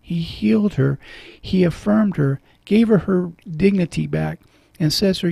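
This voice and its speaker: Man on radio, gravelly, husky, mellow tone, earnest preacherly talk, middle-aged, dry studio sound. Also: sits high, unhurried, no room sound. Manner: earnest, preacherly, emotional when quoting scripture. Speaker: radio talk show host and clergyman.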